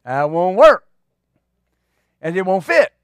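A middle-aged man, a pastor, telling a story in a sermon with folksy humor and lively, repeating speech. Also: high-pitched, slow, smooth, no echo, muffled recording.

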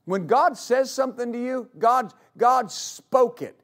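A man's voice: very high-pitched, measured pace. A man preaching a sermon to a congregation as pastor, emphatic, repeating key phrases for weight. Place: church service before a congregation.

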